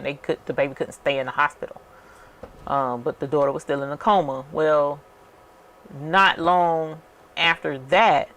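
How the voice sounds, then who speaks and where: A woman's voice sits low, creaky and a bit bright as she hosts a crafting channel. She spins a story in a casual, chatty way while working, uses many fillers and refers to her viewers as y'all.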